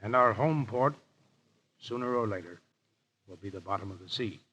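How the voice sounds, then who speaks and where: An actor playing a proud, grave pirate captain in a 1930s radio drama, husky and low. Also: male voice, animated, normal speed, bright, forceful tone, full character voice. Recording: dull lo-fi 1930s radio broadcast.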